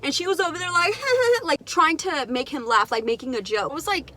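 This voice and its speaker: A young woman telling a personal story in a candid, animated, profane way on her vlog. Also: high-pitched, fairly quick, slight background noise. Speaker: vlogger. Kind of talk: casual storytime.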